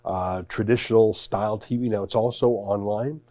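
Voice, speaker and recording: A man's voice: on the low side, steady tone, normal speed, dark tone, no room sound. A man hosting a commentary talk show, chatting casually and hesitantly, with many fillers and restarts. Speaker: host.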